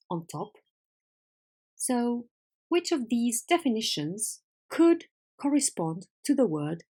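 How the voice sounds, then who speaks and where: A woman teaching an English vocabulary lesson, patient and clear, asking questions and confirming answers. Her first language is Spanish. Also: medium pitch, mellow.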